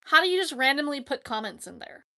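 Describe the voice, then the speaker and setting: A woman's voice: high-pitched, sing-song, quick pace, vocal fry, sharp tone. A woman hosting a casual live stream, chatting in a rambling way and laughing often. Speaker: livestream host.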